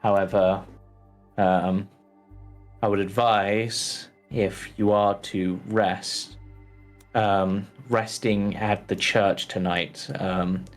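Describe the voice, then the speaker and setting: A man's voice: on the low side, little pitch movement, drawn-out words, faint music behind. A man voicing a cautious, polite village priest in a tabletop role-play, speaking hesitantly with many ums and restarts. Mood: earnest. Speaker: game master.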